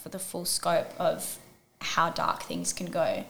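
A woman's voice: on the low side, animated, slow pace, creaky, fairly bright tone. Young woman, casual chat, bubbly, filler-heavy, roomy echo. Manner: bubbly, laughs often, many fillers. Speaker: guest. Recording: roomy echo, faint background noise.

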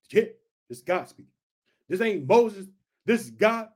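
A man's voice: high-pitched, animated, normal speed, long pauses, darkish tone, husky. A man teaching a Bible passage with fervent energy, often asking his listeners if they heard and calling them family. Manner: fervent, keeps asking "did you hear?" and "check it out".

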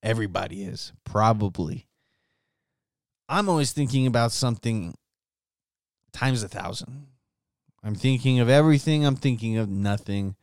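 A man hosting a podcast alone, rambling erratically and mocking himself, veering between low mumbles and sudden outbursts into a microphone. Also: normal speed, pauses often, dry recording, clean studio sound. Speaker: podcast host. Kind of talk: solo rambling podcast monologue. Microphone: studio microphone.

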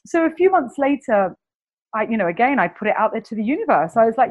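A woman with a Cockney English accent, speaking as a guest healer in an enthusiastic, animated spiritual conversation. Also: on the high side, fast talker, poor audio. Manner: animated, enthusiastic storyteller, repeats words.

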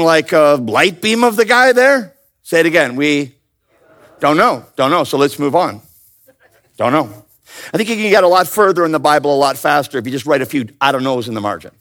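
A man teaching a Bible study in a lively, joking way, often calling on his listeners to answer. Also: a little high. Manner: animated, playful, calls out to the audience. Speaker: pastor.

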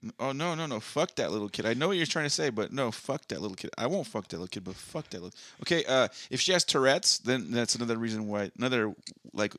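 A man co-hosting a casual podcast, talking bluntly and crudely in a relaxed way. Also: mid-range voice, fast, no echo, studio quality. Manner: blunt, crude, laid-back. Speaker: podcast co-host.

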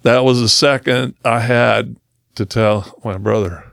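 A man speaking as a podcast guest, telling his own story in earnest conversation and slowing down to stress key moments. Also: mid-range voice, steady tone, vocal fry, a bit bright, no room sound, clean studio sound.

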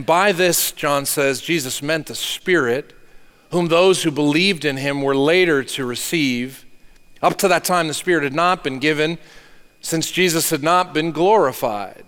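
High-voiced pastor preaching in a hall. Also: male voice, animated, measured pace, clean tone. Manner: earnest preaching, swinging from hushed to emphatic. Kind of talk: sermon.

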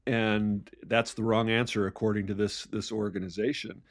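Male host, low voice, hesitant repeats, dry booth sound. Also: flat delivery, no room sound. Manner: halting, repeats words while thinking. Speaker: podcast host. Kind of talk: conversational interview.

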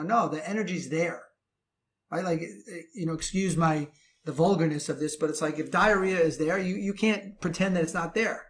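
A man with a somewhat higher-pitched voice talks to other men about relationships. He is earnest and preachy, and he stacks up repeated phrases to drive each point home. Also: moderate pace, fairly bright tone. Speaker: relationship coach. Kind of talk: advice talk to men.

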